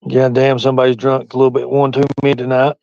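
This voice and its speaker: A man's voice: mid-range voice, completely flat delivery, quick pace, vocal fry, a little mellow, dry recording, muffled recording. A man with a Southern US hillbilly accent, rambling and swearing freely on a casual livestream while he reads chat aloud. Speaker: livestream host.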